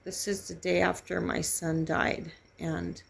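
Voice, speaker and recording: Middle-aged woman, low raspy vlogger voice, halting and grief-stricken as she shares her story. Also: flat delivery. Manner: halting, grieving, emotionally raw. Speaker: vlogger sharing a personal story. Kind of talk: candid personal testimony.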